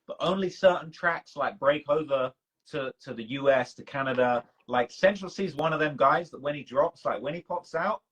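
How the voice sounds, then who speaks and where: On a video call, this UK documentary creator hosts a live stream with a slightly high, somewhat bright and slightly rough voice at a normal speed. He rambles casually in a British accent, tossing out "bro" and "man" constantly, and the recording is rough.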